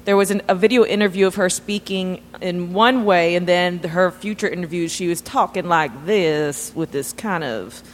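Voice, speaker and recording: A woman's voice: lowish voice, normal speed, hardly any pauses, in a large hall, a little hiss or hum. A woman co-hosting a podcast, chatting casually and hesitantly, searching for words.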